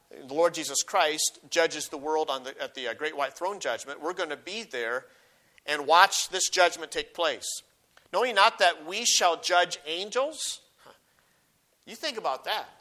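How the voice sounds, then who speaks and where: Male preacher, high and bright, scripture reading with emphasis, sermon delivery. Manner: reads scripture aloud with rising emphasis, then explains; frequent restarts and repeated words.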